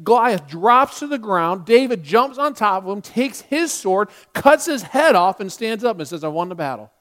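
High-voiced preacher telling a story. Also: male voice, measured pace. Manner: animated retelling with quoted dialogue. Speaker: pastor. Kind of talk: sermon storytelling.

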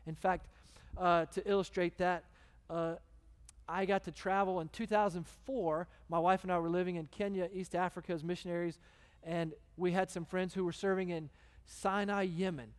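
A man, a guest preacher telling a story in a conversational, animated way. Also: high voice, normal speed, clear, resonant tone. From Texas. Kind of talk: sermon storytelling. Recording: long hall reverb.

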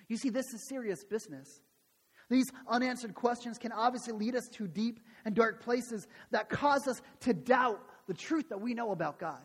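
A man's voice: high voice, expressive, normal speed, husky, in a large hall. A man preaching a sermon, earnest, with rhetorical questions and repeated phrases. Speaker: pastor.

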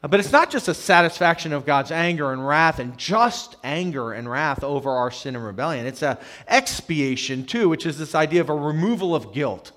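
A young adult man preaching a sermon, swinging between loud emphatic passages and hushed quiet ones. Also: on the high side, animated, normal speed, hardly any pauses. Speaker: pastor.

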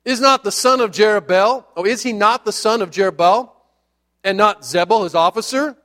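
A man playing a bragging drunk man, high voice, loud, brash boasting. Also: normal speed. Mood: boastful.

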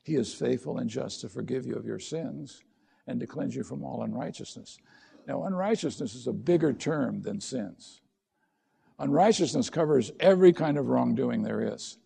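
Gravelly middle-aged male preacher. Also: mid-range voice, animated, moderate pace, dark tone. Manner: conversational preaching with rhetorical questions. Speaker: pastor. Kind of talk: sermon.

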